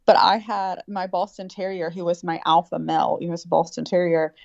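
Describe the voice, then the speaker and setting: A woman's voice: lowish voice, steady tone, fairly quick, gravelly, darkish tone, no echo, lo-fi sound. A woman calling in to a casual chat, talking bluntly and telling stories in a chatty way. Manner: blunt, chatty, tells stories with imitated voices. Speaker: caller.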